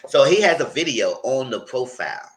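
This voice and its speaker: A man with a New York accent giving a casual, animated recap of a TV episode and acting out what people said. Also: mid-range voice, normal speed, poor audio. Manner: animated storyteller, acts out quotes. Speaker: TV show reviewer.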